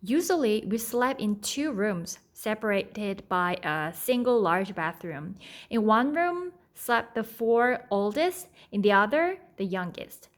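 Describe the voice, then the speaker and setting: A woman, a native Korean speaker, reading a children's book aloud at an unhurried pace, stopping to explain and sometimes stumbling. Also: mid-range voice, animated. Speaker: read-aloud tutor. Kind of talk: storybook read-aloud with explanations.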